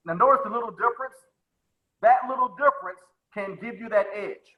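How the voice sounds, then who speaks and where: A man's voice: sits high, a little fast, pushed and bright, rough recording. A man coaching a live webinar on sales presentations, who talks with energy, repeats his phrases and calls on attendees by name.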